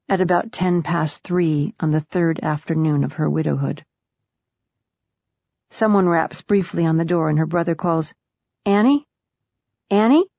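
A woman narrating a story in a measured, intimate audiobook reading. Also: low-pitched, vocal fry, warm tone, no room sound, highs cut off. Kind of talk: scripted narration.

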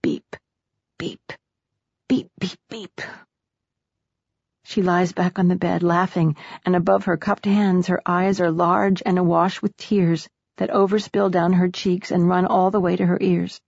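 A woman narrating a story in a measured, intimate audiobook reading. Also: lowish voice, little pitch movement, gravelly, darkish tone, no echo, highs cut off. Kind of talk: scripted narration.

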